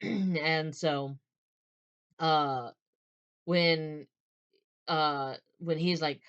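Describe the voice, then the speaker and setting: A woman's voice: sits low, steady tone, extremely slow, pauses often, clear, resonant tone, highs cut off. A woman casually talking through a novel's characters, rambling with many fillers and restarts. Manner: rambling, many fillers and restarts, retells scenes in quoted voices. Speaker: book reviewer. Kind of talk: casual book talk.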